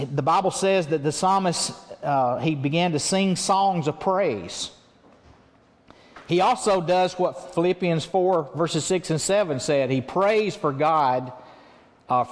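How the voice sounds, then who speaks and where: A man's voice: fairly high pitch, long reverb tail. A man preaching a sermon as pastor, speaking earnestly and acting out his own prayers in the telling.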